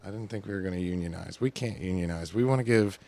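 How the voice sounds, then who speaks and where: A man's voice: sits low, fast talker, gravelly, a little mellow. A man hosting a casual podcast, rambling loosely from one topic to the next. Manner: rambling, drifts between topics. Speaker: podcast host.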